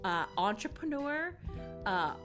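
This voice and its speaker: A woman's voice: medium pitch, very animated, slow pace, music in the background. A woman hosting a podcast interview, bubbly and effusive, laughing often as she chats. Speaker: podcast host. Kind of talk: casual interview chat.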